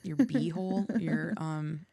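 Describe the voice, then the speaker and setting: A woman comedian, a guest on the podcast, telling rambling stories fast with frequent laughter. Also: deep voice, fairly even intonation, vocal fry, dark tone. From Florida. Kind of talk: casual podcast chat.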